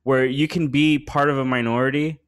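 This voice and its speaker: A man's voice: mid-range voice, steady tone, normal speed, clean tone. A man hosting a podcast, telling a story in a rambling casual chat full of slang and swearing, his voice rising when he gets worked up. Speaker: podcast host.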